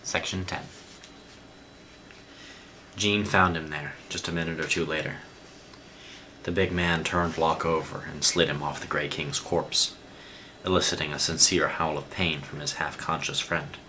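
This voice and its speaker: Slow deep-voiced man reading a story. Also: a little hiss or hum, poor audio. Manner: slow, low steady reading. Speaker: audiobook reader. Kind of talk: scripted narration.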